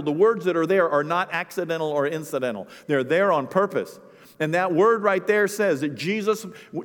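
A male pastor preaches with a slightly raised voice, working through the story and playing out little scenes for the congregation. His words ring out with a long reverb that fills the church hall around him. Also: sits high. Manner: animated storytelling, acting out voices. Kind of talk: sermon.

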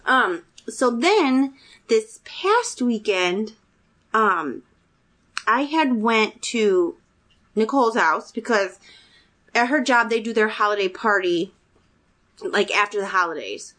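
A woman in her thirties telling a personal story in casual chat, animated and acting out quotes with a rising voice. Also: slow pace, long pauses. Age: 30s. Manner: chatty, animated, acts out quotes with rising pitch.

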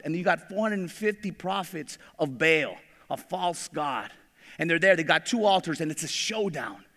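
A man preaching a sermon, animated, acting out biblical figures in casual everyday slang. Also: high-pitched. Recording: long reverb of a large hall.

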